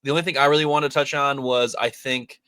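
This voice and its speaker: Young man hosting a podcast, bright voice, dry close sound, enthusiastic chat. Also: medium pitch, fairly even intonation, quick pace, smooth, no echo. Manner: enthusiastic, says dude. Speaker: podcast host. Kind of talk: casual chat.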